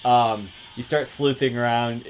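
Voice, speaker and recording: A man's voice: mid-range voice, steady tone, unhurried, a little hiss or hum, rough recording. A man casually talking through a video game, rambling with lots of fillers and swearing. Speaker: game reviewer. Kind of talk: casual game review commentary.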